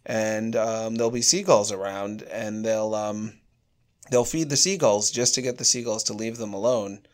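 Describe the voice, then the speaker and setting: A man as a guest on a comedy podcast, deadpan and hesitant, with many fillers. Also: fairly low pitch, moderate pace. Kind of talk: comedic banter.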